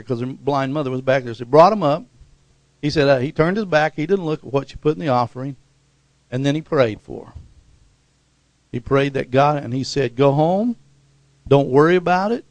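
A preacher, a man, tells stories from the pulpit in a higher-than-usual gravelly voice. He leaps up into loud, excited peaks, acts out the voices of people in his stories and keeps calling out for an amen. The sound is close and dry, with no room echo. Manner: calls for "amen" and "hallelujah" response. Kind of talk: sermon with storytelling.

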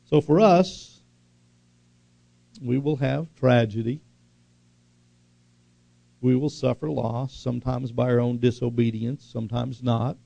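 A man's voice: medium pitch, fairly even intonation, slow pace, creaky, pauses often, mellow, no room sound. A man preaching a sermon, emphatic and repetitive, often putting questions to the congregation. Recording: dull lo-fi recording.

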